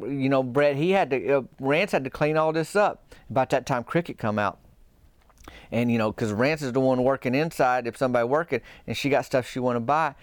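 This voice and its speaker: Man, comic storyteller, folksy, rambling, middle pitch, smooth voice. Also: dry recording. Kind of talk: comedic storytelling.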